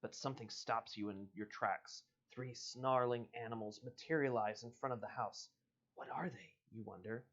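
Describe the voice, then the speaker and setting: A man hosting a live stream, reading an adventure book aloud at an unhurried pace and stopping for casual asides. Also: medium pitch, steady tone, fairly bright tone. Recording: dull lo-fi stream audio.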